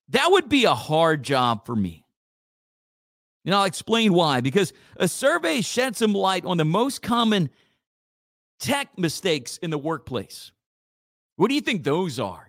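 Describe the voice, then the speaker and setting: A man's voice: high-pitched, creaky, fairly bright tone, no echo, studio quality. A man hosting a casual talk radio show, joking and reading listener messages.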